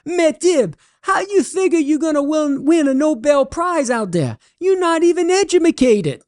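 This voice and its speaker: A man's voice: extremely high pitch, very animated, measured pace, a little mellow, no room sound, studio quality, voice pushed up, exaggerated voice. A man voicing a Cajun man who hollers from his truck in folksy dialect. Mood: hollering.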